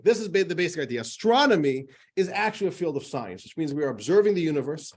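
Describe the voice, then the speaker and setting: A man's voice: fairly high pitch, very animated, fast talker, hardly any pauses, a little mellow. A man teaching a class as a rabbi, in a chatty, joking style full of fillers. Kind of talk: casual classroom lecture.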